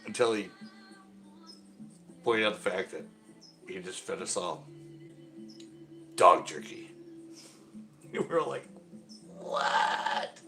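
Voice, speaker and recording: Rambling low-voiced man telling stories. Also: lively intonation, slow pace, gravelly, pauses often, soft background music. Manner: rambling storyteller, acts out quotes loudly and laughs often. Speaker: host of a fishing channel livestream. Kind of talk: casual live-stream chat.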